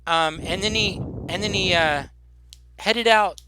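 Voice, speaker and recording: A man's voice: sits high, measured pace, sharp tone, clear, resonant tone, no room sound, voice pushed up. A man voicing a worried, kindly older woman shopkeeper in a tabletop game, stammering and fussing. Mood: fretful.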